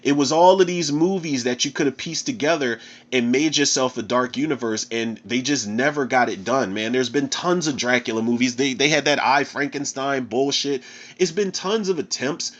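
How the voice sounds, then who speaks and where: A man's voice: medium pitch, normal speed. Man chatting loosely about movies, dull audio. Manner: loose and profane, keeps saying "man". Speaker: podcast host and movie reviewer. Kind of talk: casual movie review talk.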